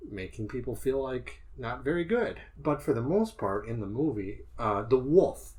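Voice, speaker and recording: A man's voice: mid-range voice, lively intonation, normal speed, a little mellow. Male podcast co-host with a mid-range voice, casual and analytical, working his ideas out aloud. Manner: analytical, thinks aloud while explaining. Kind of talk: casual film discussion.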